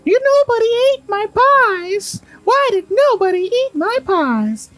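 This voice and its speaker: Man putting on a shrill wailing old woman. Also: very animated, a little slow, a bit bright, dry recording, full character voice. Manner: wailing, high-pitched.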